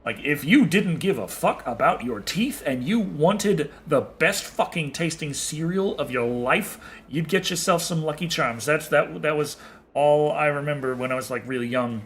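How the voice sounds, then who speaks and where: A man's voice: fairly high pitch, moderate pace, fairly bright tone, a little hiss or hum. A man streaming a game and chatting casually with viewers, rambling and swearing with a chuckle. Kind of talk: casual chat with viewers while playing.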